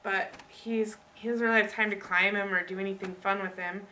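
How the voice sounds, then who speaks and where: Chatty woman giving a bright book talk. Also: mid-range voice, fairly quick, far from the mic, slight background noise. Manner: chatty, animated, addresses listeners directly. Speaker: student presenter. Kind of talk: casual book talk presentation.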